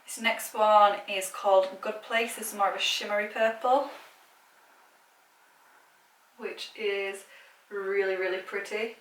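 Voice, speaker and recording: A woman's voice: mid-range voice, steady tone, a little slow, pauses often, fairly bright tone. A British woman vlogging casually about makeup, chatty and gushing, with lots of filler words. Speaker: beauty vlogger. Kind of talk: casual makeup swatching chat. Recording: echoey room, mic at a distance.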